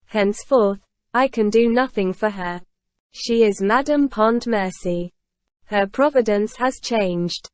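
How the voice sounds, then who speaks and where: A woman voicing a grave, calm older male ex-convict in a storybook reading, delivered in a measured, solemn way. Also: on the high side, dry recording, natural voice.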